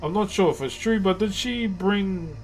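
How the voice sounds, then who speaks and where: A man's voice: high-pitched, moderate pace, soft background music. Laid-back New Zealand man streaming. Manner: laid-back, calls viewers brother and bro. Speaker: live streamer and carver. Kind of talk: casual live-stream chat with viewers.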